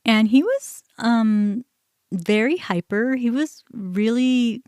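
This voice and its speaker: A woman talks candidly as a podcast host, recounting her own experiences in a conversational way. Her voice sits at a middling pitch, and the recording is close and dry, with no room sound. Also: unhurried, a little mellow, smooth, no echo. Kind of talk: personal storytelling.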